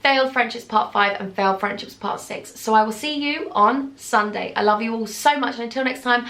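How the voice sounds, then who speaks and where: Young woman vlogger, tearful, earnest and heartfelt, higher-pitched voice. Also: fairly quick, fairly bright tone. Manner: earnest and heartfelt, speaking straight to viewers. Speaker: YouTuber. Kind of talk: emotional storytime vlog.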